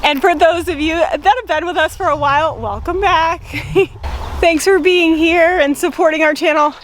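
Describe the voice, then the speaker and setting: A woman's voice: extremely high pitch, moderate pace, slight background noise. A woman from Rhode Island chatting casually as a farm vlogger, cheerful and laughing often between sentences, outdoors on her farm. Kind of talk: casual vlog chat.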